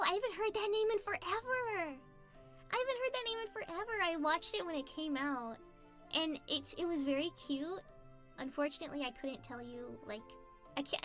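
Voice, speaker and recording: A woman chatting casually with her livestream viewers, bubbly and giggly, reading out their messages. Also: sits high. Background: faint background music.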